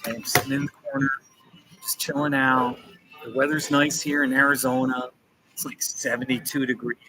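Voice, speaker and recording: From a coffee shop corner, a man hosts a livestream, reading viewer comments in a playful, chatty way and repeating phrases with chuckles. His mid-range voice is level in tone, pushed and bright, at a moderate pace, with faint music behind and poor audio quality.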